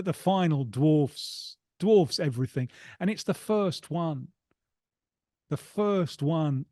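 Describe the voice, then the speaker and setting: A man's voice: a little high, warm tone, no room sound, clean studio sound. A man talking football history in a podcast conversation, thoughtful and often repeating words as he works out his point. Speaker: football analyst.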